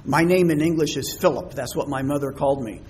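A man's voice: on the high side, fast talker, a little mellow, slight background noise. A man teaching a Bible lesson, reading verses aloud with emphasis and posing rhetorical questions, with some hesitant fillers. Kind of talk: sermon-style Bible teaching.

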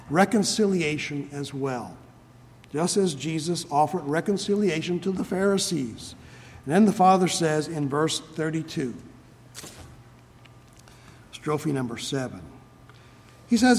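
A man delivers an expository sermon, reading verses and then unpacking them with earnest emphasis. His voice sits a little high. It carries a long reverb from a large hall. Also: animated, a little mellow. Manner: earnest, emphatic, slows on key phrases. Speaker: preacher.

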